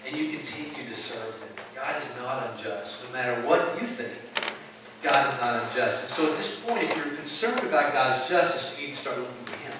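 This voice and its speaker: A man's voice: mid-range voice, lively intonation, a little fast, noisy background. A man preaching a sermon in an emphatic, conversational way, asking rhetorical questions. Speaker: pastor. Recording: echoey hall, mic at a distance.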